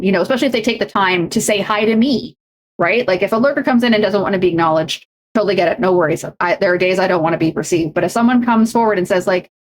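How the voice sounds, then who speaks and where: A young adult woman streamer in casual chat, talking in loose runs full of fillers and restarts. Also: on the low side. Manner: chatty, many fillers and restarts. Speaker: streamer and co-host.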